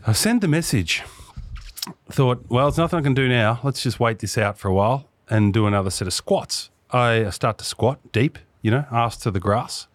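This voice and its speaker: A man's voice: moderate pace, dry recording. A man with an Australian accent, a podcast co-host telling a story in casual chat and acting out the quotes. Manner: animated, acts out quotes with big pitch jumps.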